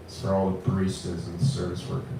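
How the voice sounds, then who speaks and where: Crude young comic in an echoey bar. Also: male voice, sits low, fast talker, slight background noise. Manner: crude, swearing, deadpan jokes with acted-out voices. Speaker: stand-up comic. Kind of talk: open mic stand-up set. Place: small bar with live audience. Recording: very echoey room from far off.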